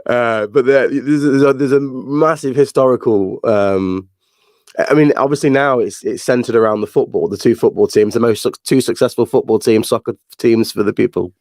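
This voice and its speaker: A man's voice: mid-range voice, moderate pace, a little mellow, no echo. A man from England with a Northern English accent, a podcast guest who laughs easily and talks with many fillers. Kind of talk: casual interview chat.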